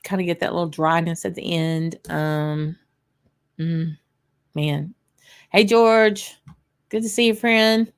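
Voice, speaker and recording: Woman, low voice, chatty livestream host, rambling, laughs often. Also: steady tone, takes it slowly, pauses often, clean tone. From Louisiana, USA. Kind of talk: casual live tasting chat.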